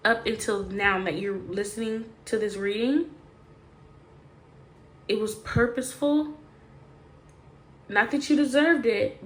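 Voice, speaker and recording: A woman's voice: medium pitch, a little hiss or hum. A woman giving a casual, chatty tarot reading straight to the viewer, emphatic and full of slangy asides. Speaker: tarot reader.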